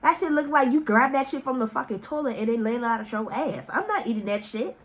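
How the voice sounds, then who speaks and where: A woman telling a casual story as a vlogger, animated and profane, laughing often and acting out the voices she quotes. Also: a little fast. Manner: acts out quoted voices with big pitch jumps.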